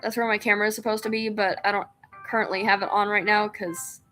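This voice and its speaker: A woman streamer chatting casually with viewers while she plays a game, self-deprecating and quick to laugh. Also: mid-range voice, little pitch movement, a bit bright, faint music behind. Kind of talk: casual gameplay chat.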